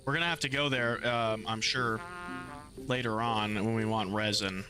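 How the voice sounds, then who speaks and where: A gaming streamer with a fairly low voice chats loosely with viewers at a moderate pace, greeting them by name and swearing casually. He softly coos to calm his pet rats. Music plays in the background.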